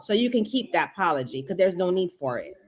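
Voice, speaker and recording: A woman's voice: lowish voice, very animated, fast talker. A woman with a Brooklyn accent co-hosting a live stream, talking emphatically and repeating her points in casual chat. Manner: emphatic and repetitive, circles back on points. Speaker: co-host of a crypto live stream.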